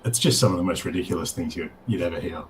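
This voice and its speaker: A man's voice: low-pitched, rapid-fire, background noise. A middle-aged Australian man with an Australian accent, a guest in a casual live chat, talking hesitantly with fillers and restarts.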